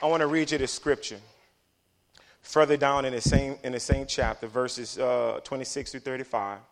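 A man preaching a passionate sermon, swinging from low murmurs to loud emphatic declarations. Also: steady tone, moderate pace.

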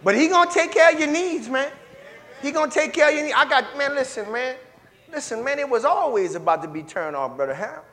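A man, preaching a sermon in a church with repeated, rhythmic call-outs and shouted peaks. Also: very high-pitched, animated, fairly quick, in a large hall.

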